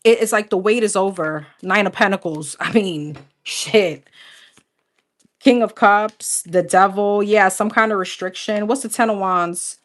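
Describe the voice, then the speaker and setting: A woman's voice: medium pitch, measured pace. Young woman doing a tarot reading livestream, chatty and laughy, rattles off cards. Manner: chatty, laughs often, calls out cards in a list. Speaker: tarot reader.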